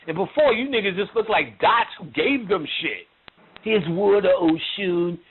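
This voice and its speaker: A man's voice: high-pitched, big pitch swings, moderate pace, breathy edge. A man giving a blunt, mocking spiritual lecture full of profanity and street slang. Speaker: lecturer on occult and spiritual topics. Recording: tinny phone-like line with faint noise.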